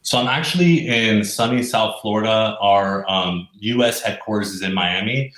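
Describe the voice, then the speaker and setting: A man being interviewed as a guest from his office, relaxed and easygoing, with lots of fillers. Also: fairly low pitch, moderate pace. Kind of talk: casual interview chat. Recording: echoey office room.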